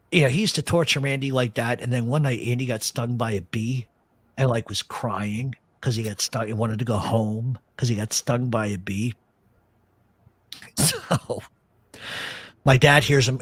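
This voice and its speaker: A man's voice: medium pitch, normal speed, husky, dry recording. A man hosting a talk show, telling rambling, profane family stories and laughing along. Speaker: podcast host. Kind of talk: casual storytelling chat.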